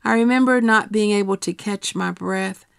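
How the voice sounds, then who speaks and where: A middle-aged woman reading her personal essay aloud in a quiet, measured, steady way. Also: mid-range voice, vocal fry, clean tone, dry recording, clean studio sound.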